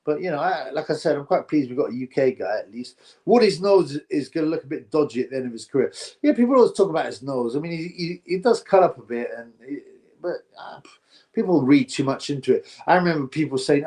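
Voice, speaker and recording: A man's voice: fairly high pitch, animated, a little fast, dark tone. Man, live-stream host, casual chat, blunt and opinionated, rambling. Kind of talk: casual live-stream chat, reading viewer comments aloud.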